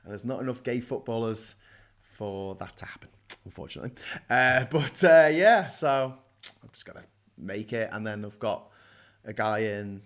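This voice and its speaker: A man's voice: lowish voice, lively intonation, normal speed. A middle-aged man hosting a casual livestream from his desk, rambling, swearing and joking as he reads out viewer comments. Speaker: live show host.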